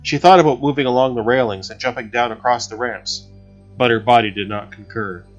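Steady male audiobook narrator. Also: medium pitch. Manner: steady, measured reading. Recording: slightly dull recording with faint music.

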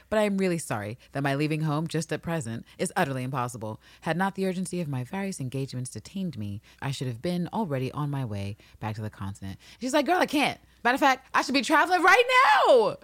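Low-voiced lively woman podcast host. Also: dry recording. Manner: animated, reads passages aloud then riffs with laughter. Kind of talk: casual chat, reading from a book.

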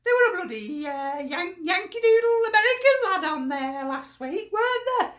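A woman's voice: very high voice, sing-song, moderate pace, fairly bright tone. A woman from Burnley with a broad Lancashire accent, chatting and joking about her football team in a fan reaction video. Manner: chatty, jokey, laughs often, broad dialect. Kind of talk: casual fan reaction chat. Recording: echoey room.

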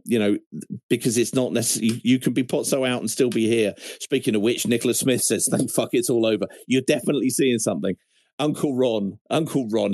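A man's voice: medium pitch, darkish tone, dry recording. A man hosting a fan podcast, reading listener messages aloud with wry, chatty asides and plenty of self-interruptions. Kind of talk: casual chat.

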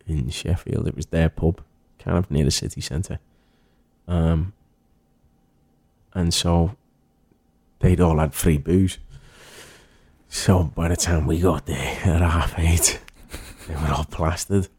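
In a relaxed interview, a guest actor with a Liverpool accent tells chatty stories and acts out the voices of others. He has a deep, warm, slightly rough voice.

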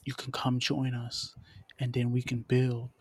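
A man's voice: medium pitch, monotone, measured pace, slightly rough, no echo, studio quality. A man hosting a podcast, chatting casually with a rambling, stammering manner full of restarts. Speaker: podcast host. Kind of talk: casual chat.

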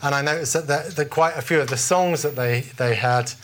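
A man's voice: a little high, a little fast, a bit bright, a little hiss or hum. Man, British accent, preacher, conversational, storytelling, restarts phrases. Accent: British English. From Britain. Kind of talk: informal sermon.

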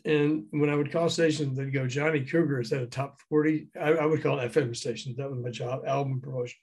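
Older man spinning animated anecdotes. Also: medium pitch, a little fast, husky. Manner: animated anecdotes, acting out quoted dialogue; chuckles while telling. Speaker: guest, former record promotion man. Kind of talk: casual storytelling interview.

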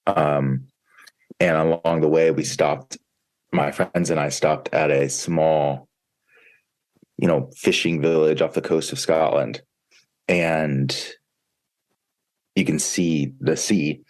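A man's voice: rumbling low, fairly even intonation, takes it slowly, long pauses, a little mellow. A man co-hosting a book podcast, reflectively telling a personal story. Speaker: podcast co-host. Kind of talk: casual book discussion.

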